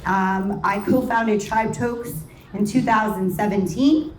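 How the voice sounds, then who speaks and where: A woman's voice: medium pitch, slow, slight background noise. A woman from New York speaking as a panel guest at a live event, talking in a passionate, rallying way and swearing freely. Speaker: panel guest, cannabis company co-founder. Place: event stage before a live audience. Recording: echoey event space, distant mic, crowd.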